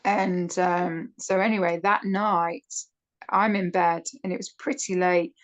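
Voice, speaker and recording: A woman's voice: lowish voice, measured pace, muffled recording. Chatty woman telling a story. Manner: chatty, animated when quoting others. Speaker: guest. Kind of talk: casual storytelling interview.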